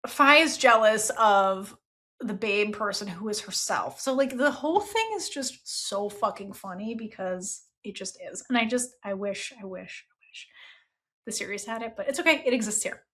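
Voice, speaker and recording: A woman hosting a casual book review podcast, chatty and expressive, swearing freely as she talks. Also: medium pitch, moderate pace. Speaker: book club podcast host.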